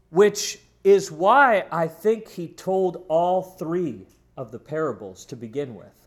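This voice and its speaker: A man preaching a sermon in an emphatic, storytelling way, addressing his congregation. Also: high-pitched. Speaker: pastor.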